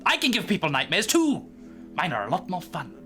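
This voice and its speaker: A man's voice: high voice, wildly swooping pitch, a little fast, pushed and bright, soft background music, voice pushed up, heavily acted. A man voicing a gleeful, crude male god of chaos who swears and mocks mortals. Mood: mocking. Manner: giggly, swearing, mocking. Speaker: game master.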